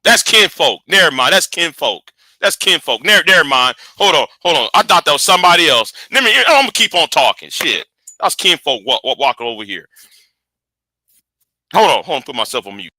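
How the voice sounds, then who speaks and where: This is a man in his early forties who rambles casually to his viewers from home, repeating words as he goes. His voice has a very bright tone. The sound is dry and close, with almost no room echo. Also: on the high side, big pitch swings, fairly quick. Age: early 40s. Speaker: channel host. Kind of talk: casual livestream chat with viewers.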